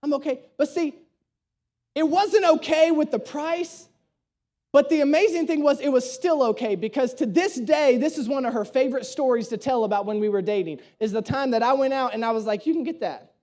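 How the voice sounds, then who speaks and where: A man's voice: very high voice, fairly quick, darkish tone. A male pastor preaching a sermon, telling a self-deprecating story with humor and acting out the dialogue. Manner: acts out dialogue in his stories.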